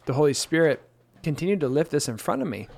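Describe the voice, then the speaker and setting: A man's voice: fairly high pitch, animated, fast talker, gravelly, darkish tone. A man in his thirties co-hosting a casual scripture chat, telling stories about his marriage with self-deprecating humor and playful quoted voices. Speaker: pastor and co-host.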